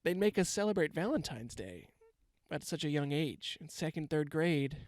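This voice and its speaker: A man's voice: a little high, expressive, moderate pace, darkish tone, no echo. A man, telling a rambling, self-mocking comic story and swearing freely. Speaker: comedian. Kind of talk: casual comedic storytelling monologue.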